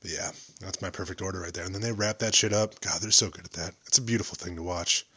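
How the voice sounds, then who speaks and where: A man's voice: low voice, fairly even intonation, fast, sharp tone, slightly rough. A young man hosting a solo podcast, rambling and joking about himself. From United States. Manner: joking, rambling, self-deprecating. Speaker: podcast host.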